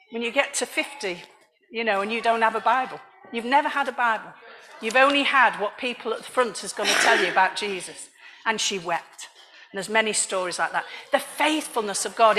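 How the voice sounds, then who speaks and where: Bright high-voiced woman preaching. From Liverpool, England. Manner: animated storytelling, laughs often. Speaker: church speaker. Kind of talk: sermon with personal testimony.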